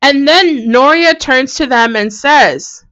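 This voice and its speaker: A woman hosting a video, giving casual, animated commentary on ancient texts with a sarcastic edge and frequent laughs. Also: high voice, takes it slowly, lo-fi sound. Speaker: video host.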